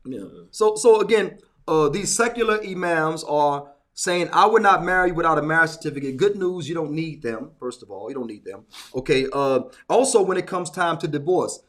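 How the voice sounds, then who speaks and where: A man's voice: on the high side, normal speed, few pauses. A man on a casual group talk show, telling a story with lots of repetition for emphasis. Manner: animated storyteller, repeats phrases for emphasis.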